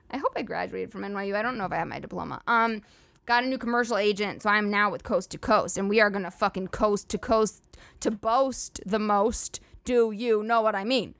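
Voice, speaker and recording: A woman's voice: medium pitch, moderate pace, vocal fry, pauses often, fairly bright tone, no room sound. A young woman hosting a solo comedy podcast, ranting in a chatty, sarcastic, profane way full of "like" fillers. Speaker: podcast host.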